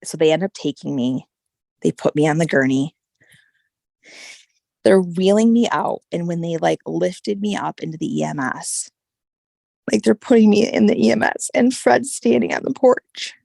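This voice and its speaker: A woman with a low, gravelly voice tells a personal story as a podcast guest. She is animated and peppers her talk with "like" and "right?". The sound is dry and close. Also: moderate pace, no echo. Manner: animated, frequent "like" and "right?" fillers.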